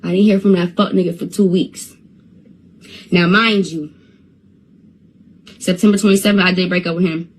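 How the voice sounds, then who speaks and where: A woman's voice: fairly low pitch, steady tone, normal speed, long pauses, a little hiss or hum. A woman telling a story to her viewers on a phone livestream, repeating and stumbling over words as she goes. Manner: stutters and repeats words when upset. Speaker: Instagram live streamer.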